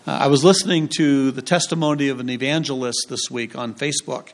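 A man's voice: medium pitch, fairly even intonation, brisk. A man preaching a sermon as pastor, in a conversational way with jokes and rhetorical questions.

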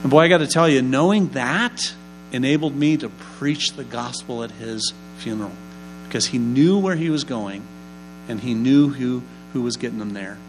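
A man's voice: medium pitch, normal speed, rough recording. A male pastor telling stories in a sermon, with emphatic rising bursts of energy, then leading a prayer. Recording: faint mains hum.

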